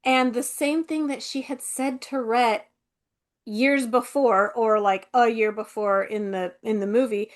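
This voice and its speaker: High-voiced woman chatting casually. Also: fairly even intonation, unhurried. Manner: rambling, filler-heavy, acts out characters' lines. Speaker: podcast co-host. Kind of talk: casual book-and-film review chat.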